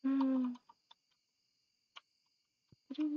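A woman's voice: high-pitched, fairly even intonation, slow pace, pauses often, dry recording. A woman streaming a game, chatting casually and muttering to herself, sometimes dropping to a whisper. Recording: slightly muffled lo-fi stream audio. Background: faint game music.

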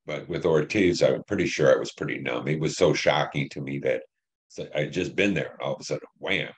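An older man in his seventies, a veteran from Detroit, telling war memories in an interview, plain and halting with many fillers. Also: rumbling low. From Detroit, Michigan. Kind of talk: oral history interview.

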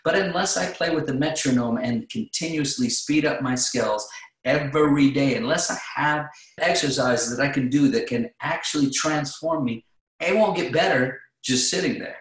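A man, a vocal coach guest on a podcast, telling casual stories in an animated way with frequent restarts. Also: mid-range voice, normal speed, roomy sound, poor audio.

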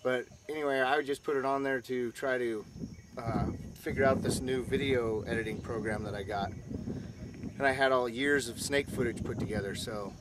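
A man's voice: medium pitch, steady tone, normal speed. Easygoing man talking outdoors. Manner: easygoing, filler-heavy. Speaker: field guide and producer. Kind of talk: casual documentary narration. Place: outdoors in the desert. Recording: outdoor noise with insects.

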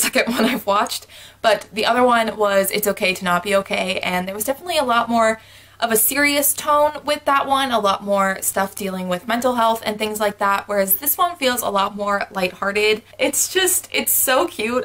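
A young woman talking straight to her viewers in a relaxed wrap-up chat. She gushes and bubbles with enthusiasm and laughs often between thoughts. Her pitch sits in the middle of the usual range. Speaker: book vlogger. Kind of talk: casual monthly wrap-up chat.

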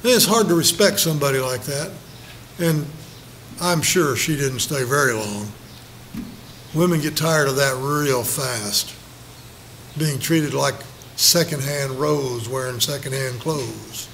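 A man's voice: mid-range voice, slow pace, a bit bright, slight background noise. An older man leading a Bible study in a folksy, storytelling way, joking with the group and acting out quotes. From Los Angeles.

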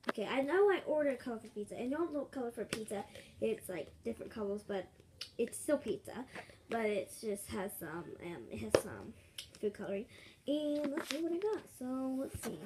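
A woman's voice: on the high side, expressive, normal speed. A woman narrating a casual toy role-play, chatty and rambling with many fillers. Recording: noisy home recording with clicks.

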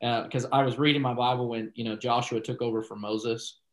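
A man's voice: mid-range voice, steady tone, a little fast, low-quality recording. A man, a pastor, telling a story in a casual interview, rambling with many asides and acting out the dialogue he quotes.

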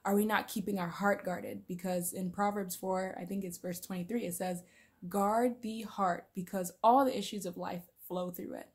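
A woman's voice: medium pitch, fairly even intonation, moderate pace. A woman giving a casual devotional talk on faith and anxiety to her viewers, earnest and emotional, at times tearful, ending in prayer. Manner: earnest, emotional, with fillers and soft laughs. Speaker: Christian vlogger.

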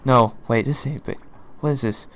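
A young man reacting live to a game presentation, gasping, shouting and swearing in surprise. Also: medium pitch, normal speed. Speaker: reaction streamer.

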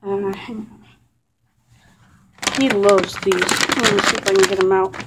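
A woman's voice: medium pitch, steady tone, fairly quick, heavy background noise. A woman vlogging casually in her living room, chatting and rambling while holding the camera in one hand. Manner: chatty, rambling, breaks off to scold the dog loudly. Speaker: vlogger showing her dog. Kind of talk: casual home vlog. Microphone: handheld camera, filmed one-handed.

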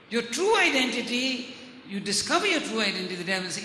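Very high-voiced preacher in an echoey hall. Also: male voice, lively intonation, fast talker, bright, forceful tone, slight background noise. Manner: earnest, repeats and restarts words. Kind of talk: sermon teaching.

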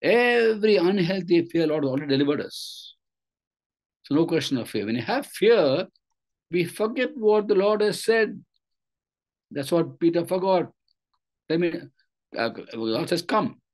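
A man's voice: high-pitched, unhurried, pauses often. A man preaching a sermon, retelling a scripture story with repeated phrases and rhetorical questions. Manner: animated storytelling preaching, voice rising and falling.

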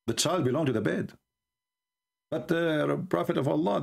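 Taunting and combative, a debate show host runs a live-stream polemic, repeatedly chuckling at his own jabs. His voice sits a little high for a man, his pace is moderate, and his English grammar is rough and non-native.

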